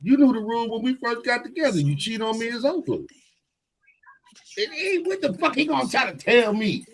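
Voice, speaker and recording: A middle-aged man co-hosting a podcast, telling stories in blunt, profane, animated casual chat. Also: very high voice, a little fast, creaky, slight background noise, rough recording. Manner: blunt and emphatic. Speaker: podcast co-host.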